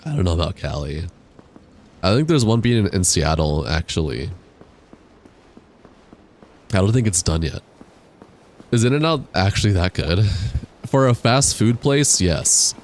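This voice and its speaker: A man's voice: sits low, very animated, unhurried, pauses often. A young man with the hiccups, chatting casually and slangily with his viewers while he plays a game. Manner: slangy, reads viewer chat aloud and answers it. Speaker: game streamer. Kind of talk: casual live-stream chat while gaming. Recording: game sounds and explosions behind voice. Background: loud game noise, artillery fire.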